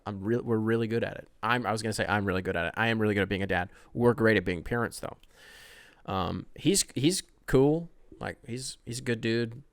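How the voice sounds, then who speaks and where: A young man hosting a casual solo podcast, rambling and profane, with sudden loud outbursts. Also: fairly low pitch, brisk, no room sound. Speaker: podcast host.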